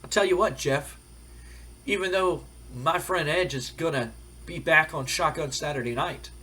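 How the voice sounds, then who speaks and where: Guy doing a young wrestler throwing down a friendly challenge, husky voice. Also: a little high, moderate pace, sharp tone. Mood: challenging.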